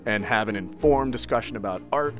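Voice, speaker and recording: A man's voice: medium pitch, a little fast, faint music behind. A man co-hosting a podcast who tells a story in a casual, jokey way. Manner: animated, jokey storyteller who acts out scenes. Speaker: podcast co-host.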